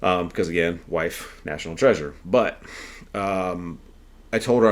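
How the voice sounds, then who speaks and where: Podcast host, a man with a slightly low voice, earnest and conversational, rambling monologue. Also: a little slow. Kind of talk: casual storytelling monologue.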